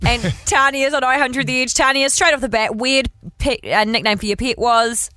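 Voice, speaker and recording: A New woman hosting radio in a dry studio, her voice sitting a little high. She chats fast and teases her co-hosts, with a giggle never far off. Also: steady tone, sharp tone, dry recording. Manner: chatty, giggly, quick to tease. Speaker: radio host. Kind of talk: casual radio banter.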